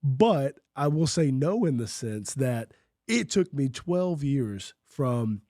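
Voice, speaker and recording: A man co-hosting a church podcast, reflecting on his calling in quick casual chat, acting out his old thoughts. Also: mid-range voice, big pitch swings, warm tone, no echo, clean studio sound. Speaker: pastor and podcast co-host.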